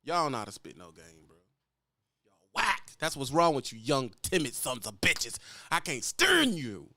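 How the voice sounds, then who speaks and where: A man's voice: mid-range voice, wildly swooping pitch, unhurried, sharp tone, no echo. A man with a Louisiana accent, a truck driver lecturing bluntly and profanely in a ranting vlog.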